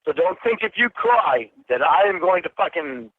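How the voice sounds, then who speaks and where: A man's voice: sits high, big pitch swings, normal speed, no room sound. An angry man on a phone call, swearing and accusing the other person of lying to him. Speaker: caller. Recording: tinny phone line.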